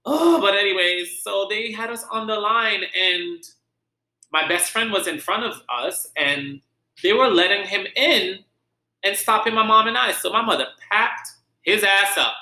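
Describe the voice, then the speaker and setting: A man's voice: high-pitched, measured pace, bright, forceful tone. A man from Saint Vincent with a light Vincentian accent, hosting a casual solo podcast and telling a story animatedly, swearing freely. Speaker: podcast host. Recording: roomy echo.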